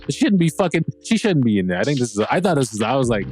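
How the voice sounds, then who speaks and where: A man hosting a podcast, recapping a TV episode in a rambling, profane, excitable way and acting out characters' lines. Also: medium pitch, quick pace, faint music behind. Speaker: podcast host.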